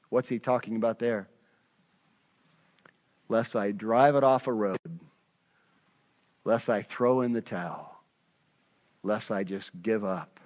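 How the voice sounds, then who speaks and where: A man's voice: mid-range voice, takes it slowly, long pauses, dull audio. A man preaching a sermon as pastor, acting out prayers aloud with passion. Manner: impassioned, acts out prayers aloud.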